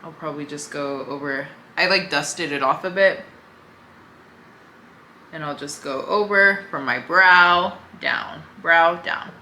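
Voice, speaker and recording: A young beauty vlogger talks slowly and easygoingly while applying makeup in a casual tutorial, her low voice bright and clear. The room is echoey, with a faint hum beneath.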